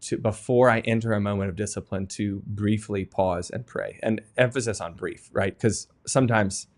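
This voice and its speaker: A man in his thirties with a fairly low voice talks through personal parenting stories. His delivery is earnest and animated, and he laughs at himself from time to time. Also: moderate pace. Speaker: guest author. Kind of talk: conversational podcast interview.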